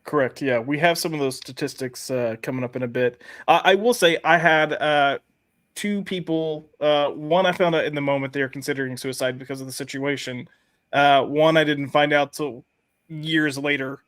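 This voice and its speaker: A man hosting a casual panel discussion, telling personal stories in an earnest, halting way. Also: fairly high pitch, fairly even intonation, fairly bright tone, dry recording. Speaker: podcast host.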